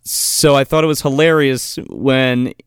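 A man's voice: medium pitch, a little slow, a little hiss or hum. A man co-hosting a podcast, recapping a film in casual, rambling, profane talk full of fillers. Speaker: podcast co-host. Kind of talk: casual movie recap chat.

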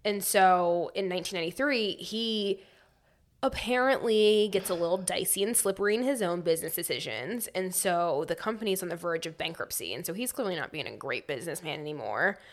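A woman with a somewhat low voice talks through a story in relaxed podcast chat, dropping in dry, wry asides as she goes. Her delivery is loose and conversational. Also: fairly quick. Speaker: podcast co-host.

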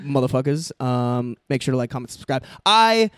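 A man's voice: medium pitch, expressive, normal speed, clean tone, no room sound. A young man co-hosting a podcast in casual chat, crude and joking and laughing often. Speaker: podcast co-host.

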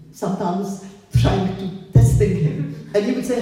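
An older woman with a foreign accent, a photographer telling her stories slowly and reflectively in a public conversation at a gallery. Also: mid-range voice, steady tone, warm tone. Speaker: photographer, guest. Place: gallery hall with an audience. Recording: echoey hall, voice from far off.

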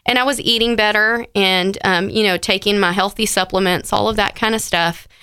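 A woman's voice: mid-range voice, steady tone, normal speed, sharp tone, clear, resonant tone, no echo, studio quality. A woman, an interview guest sharing a personal story in heartfelt detail, with frequent fillers.

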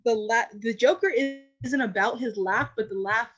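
A woman's voice: fairly high pitch, moderate pace, dull audio, over music. A woman co-hosting a casual podcast, thoughtful and hesitant, often restarting her sentences. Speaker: podcast co-host. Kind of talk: casual chat.

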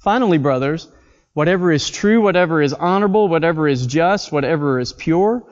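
Male pastor, high voice, earnest storytelling sermon, muffled audio with a long echo. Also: animated, fairly quick. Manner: earnest, conversational preaching with scripture readings. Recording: dull audio with long hall reverb.

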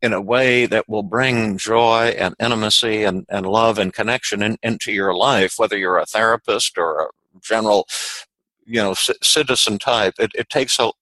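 A man's voice: lowish voice, normal speed, pushed and bright, no room sound, low-quality recording. A man hosting a podcast and teaching communication, thinking aloud and often repeating words as he explains with everyday examples. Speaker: podcast host and therapist trainer.

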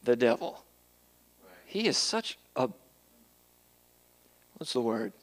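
A man preaching a casual, conversational sermon, moving between quiet asides and loud, emphatic passages. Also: medium pitch, big pitch swings, slow. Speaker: pastor.

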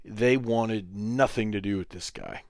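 A man hosting a podcast, telling a story in a casual, animated way and acting out other people's lines. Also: on the low side, a little slow, no echo, studio quality. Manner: animated, quotes other people in raised voices. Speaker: podcast host.

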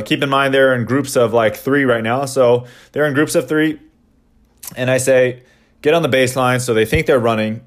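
A man who coaches basketball, casually explaining his practice drills in a relaxed storytelling way with frequent fillers. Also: mid-range voice.

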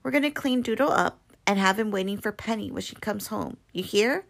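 A woman voicing a gentle, shaken older neighbor woman, speaking softly in a storybook reading. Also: medium pitch, a little fast, gravelly.

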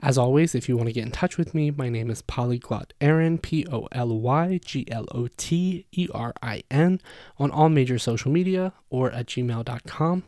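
A man's voice: mid-range voice, moderate pace, mellow, no echo, studio quality. A man hosting a casual podcast about learning languages, chatty and self-deprecating, who demonstrates sounds aloud as he explains them. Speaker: podcast host.

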